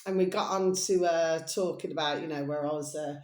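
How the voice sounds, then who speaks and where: A woman's voice: low-pitched, fairly even intonation, a little fast, a little mellow, reverberant. A woman chatting in a rambling, casual monologue, calling her listeners her little babies. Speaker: vlogger.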